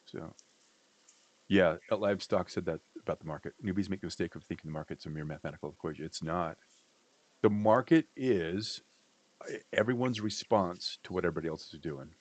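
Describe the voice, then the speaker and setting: A man's voice: low voice, a little fast, dry recording. A man on a livestream, chatting casually and joking, rambling and cutting himself off as he goes. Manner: joking, rambling, self-interrupting. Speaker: livestream co-host. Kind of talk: casual trading chat.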